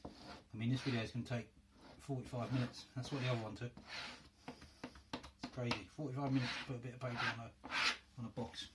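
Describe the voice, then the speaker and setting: A man's voice: medium pitch, flat delivery, fairly quick, heavy background noise. A man with a North London accent hosting a casual hands-on crafting tutorial, chatting and thinking aloud as he works in a home workroom. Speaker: crafting video host.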